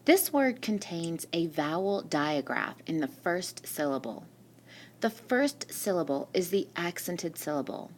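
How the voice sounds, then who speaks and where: A woman teacher with a lowish voice and big swings in pitch gives a recorded spelling lesson through a screen-recording mic. She moves slowly and patiently, asking questions and then answering them herself.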